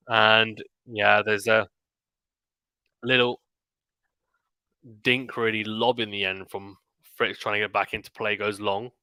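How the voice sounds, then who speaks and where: A man with a lowish, bright and forceful voice calls a tennis match live, shot by shot. Between points he slips into relaxed, offhand chatter. The sound is close and dry. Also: clear, resonant tone, no echo. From Britain. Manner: rapid calls of the rally mixed with quiet chatty asides. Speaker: stream commentator. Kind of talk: live play-by-play commentary.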